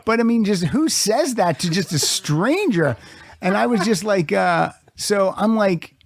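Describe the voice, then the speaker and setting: A man hosting a podcast, telling a story in a lively, laughing way. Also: high-pitched, measured pace, gravelly, dry recording. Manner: animated storyteller, laughs often. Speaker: podcast host. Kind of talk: casual podcast chat.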